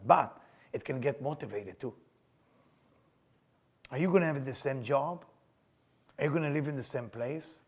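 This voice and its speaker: A man's voice: medium pitch, slightly rough. An older man teaching a Kabbalah class, emphatic, repeating his questions, with non-native English grammar. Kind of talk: spiritual class lecture.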